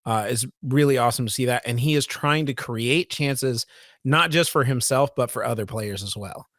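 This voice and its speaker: A man's voice: mid-range voice, moderate pace, a bit bright, dry recording, clean studio sound. A man co-hosting a casual sports podcast, talking with enthusiasm and often restarting and repeating his words. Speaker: podcast co-host.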